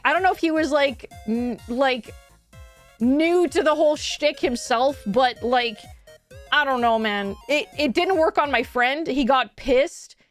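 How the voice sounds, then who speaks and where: A woman with a high voice chats casually on stream, rambling through a story with plenty of fillers and the odd swear. Faint music plays quietly behind her. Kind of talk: casual chat.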